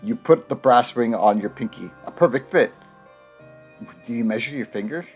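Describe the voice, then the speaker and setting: Brief: let's play man reading game narration between jokes, medium pitch, faint music under him. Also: lively intonation, moderate pace, darkish tone. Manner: reads narration, breaks off into laughter and jokes. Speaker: gamer reading the game text aloud.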